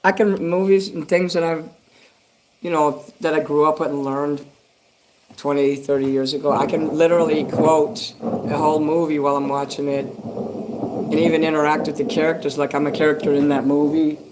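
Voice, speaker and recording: Here the older host's voice is on the high side with little pitch movement, moving at a moderate pace over background noise. His casual livestream chat wanders, salted with swearing and responses to viewer comments.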